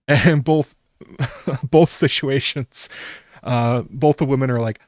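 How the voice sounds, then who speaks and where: A middle-pitched man talks through a show recap in a loose, incredulous way. He chuckles and trails into ums, and his voice sounds close and dry. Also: steady tone, a little slow, no echo. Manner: chatty and incredulous, laughs often, many ums. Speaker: YouTube aftershow host. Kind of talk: casual solo reaction commentary.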